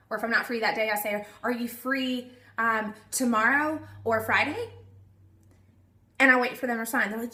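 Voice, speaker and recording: A woman's voice: on the high side, normal speed, bright, forceful tone, echoey room. A woman giving a casual how-to talk to her team, chatty and acting out the texts she sends. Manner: chatty, acts out her texts in quoted voices. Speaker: network marketing team leader. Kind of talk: casual instructional video talk.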